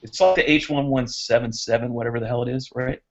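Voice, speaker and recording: A man's voice: mid-range voice, steady tone, quick pace. Male racing guest, chatty storyteller, mid-range voice, dull video-call sound. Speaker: guest drone racer. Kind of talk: casual chat on a live hangout.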